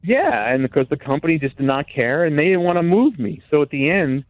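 A man's voice: fairly high pitch, expressive, brisk, no echo. A man calling in to a show by phone, telling a long story with many restarts. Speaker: caller. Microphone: telephone. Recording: tinny phone line.

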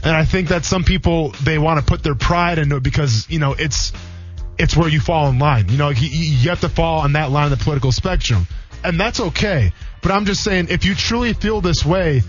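A man's voice: fairly high pitch, faint music behind. A man in his thirties, a former football player co-hosting a sports radio show, telling stories in a rambling, casual way full of fillers. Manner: rambling, fast, many "like" fillers. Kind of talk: casual radio chat, storytelling. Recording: dull lo-fi radio sound.

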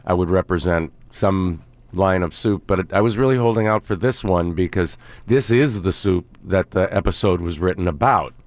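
A man appearing as a guest actor in a radio interview, speaking in a halting way with frequent restarts. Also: deep voice, no room sound. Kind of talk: casual interview chat.

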